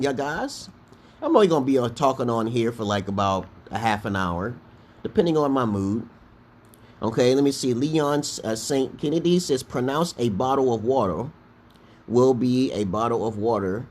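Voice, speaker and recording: A man's voice: medium pitch, a little mellow. A middle-aged man from Brooklyn with a New York accent, chatting casually on a livestream, rambling and profane, often tagging "okay?" on his lines. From Brooklyn, New York, USA. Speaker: livestream host. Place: home livestream.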